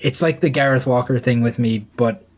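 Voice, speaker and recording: A man's voice: medium pitch, fairly quick, a little hiss or hum. A man co-hosting a casual panel discussion, rambling and swearing with lots of fillers. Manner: profane, rambling, many fillers. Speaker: podcast co-host.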